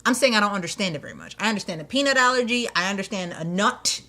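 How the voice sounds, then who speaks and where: A woman's voice: mid-range voice, expressive, fast talker, bright, forceful tone. A young woman telling funny stories from her jobs, chatty, often laughing, with lots of fillers and restarts. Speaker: vlogger. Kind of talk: casual storytelling.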